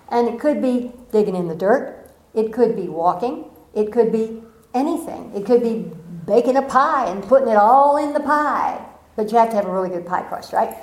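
A middle-aged woman giving a gentle, earnest spiritual talk with playful asides. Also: a little high, roomy sound, rough recording. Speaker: spiritual speaker.

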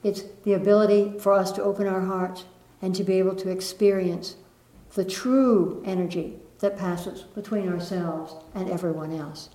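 A woman giving a gentle spiritual talk to a live audience, lilting and laughing softly. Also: medium pitch, steady tone, moderate pace, hardly any pauses. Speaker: spiritual teacher. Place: room with an audience. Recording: echoey room.

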